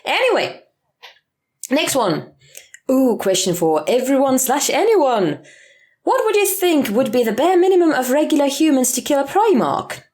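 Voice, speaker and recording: A woman's voice: high-pitched, very animated, normal speed, darkish tone. A woman chatting casually on a podcast, gushing, giggly and playful.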